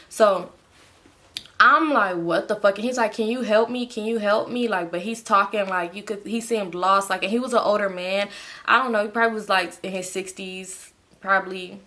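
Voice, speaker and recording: A woman's voice: medium pitch, a little fast, bright, forceful tone. A young woman telling a storytime vlog in a casual, slangy way, swearing freely and talking straight to her viewers. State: sleepy. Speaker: storytime vlogger.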